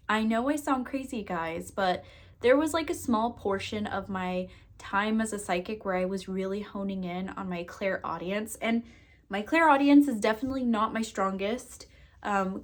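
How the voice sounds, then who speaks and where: A woman psychic and energy worker chatting casually to camera, expressive, laughing and swearing freely. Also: a little high. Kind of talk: casual to-camera vlog chat.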